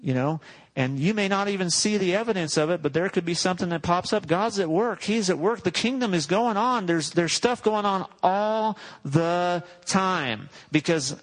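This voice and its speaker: A man's voice: sits high, moderate pace, low-quality recording. A male pastor preaching a sermon in a conversational, joking way, often correcting himself mid-sentence.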